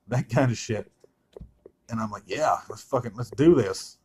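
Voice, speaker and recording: A man's voice: medium pitch, normal speed, darkish tone, husky. A man reviewing a comic in a casual, sarcastic and blunt way, swearing freely.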